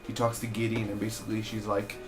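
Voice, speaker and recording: A young man casually recapping and reviewing a TV episode in an excitable, chatty way, peppering his talk with "basically" and "man.". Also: on the low side, fast talker, music in the background. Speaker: TV show reviewer. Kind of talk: casual spoiler review vlog.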